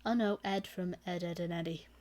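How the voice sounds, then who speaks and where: A woman's voice: lowish voice, steady tone, fairly quick, a crowd in the background. Giggly woman hosting a live stream. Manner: giggly, laughs often between lines. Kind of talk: casual stream chat.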